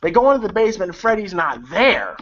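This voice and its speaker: A fast-talking man with a high, sing-song voice rambles through a relaxed recap of a film. He leans on fillers, swears and chuckles often, over a lo-fi recording with a trace of noise.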